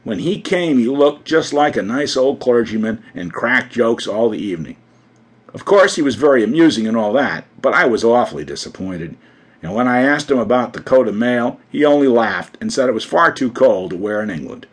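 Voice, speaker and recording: A gushing, gossipy grand society hostess, as a man puts her on. The voice swoops through a lively, animated range with a slightly husky edge, bright with excited chatter. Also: medium pitch, normal speed.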